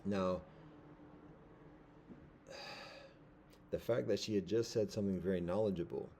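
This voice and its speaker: A man giving a casual commentary monologue, halting and rambling with many fillers and restarts. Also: low voice, gravelly, mellow, a little hiss or hum.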